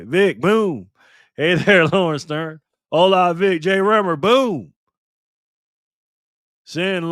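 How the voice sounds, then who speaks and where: A man with a slightly high voice runs a casual live stream by himself, talking upbeat and friendly into a microphone. The sound is close and dry, with no room around it, and he greets people as brother and man. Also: fairly bright tone, clean tone, no echo. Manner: upbeat, greets chat viewers by name. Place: alone at home streaming.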